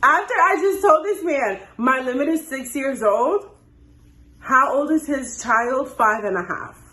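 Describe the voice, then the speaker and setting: Young woman, storytime chat, animated, slightly high voice, echoey room. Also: a little slow. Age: 20s. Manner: animated, acts out dialogue. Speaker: storytime host.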